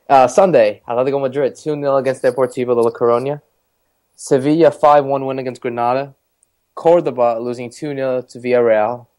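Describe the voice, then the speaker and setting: Male podcast co-host, casual and jokey, mid-pitched, runs through scores. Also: darkish tone. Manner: jokey, chatty. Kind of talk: casual chat recapping league results.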